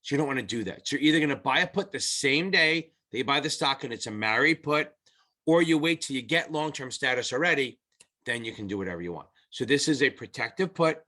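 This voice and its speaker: A man's voice: mid-range voice, lively intonation, brisk, bright, forceful tone. A middle-aged man teaching exam prep in a casual, blunt and profane way, rambling through his explanations. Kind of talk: casual whiteboard lesson.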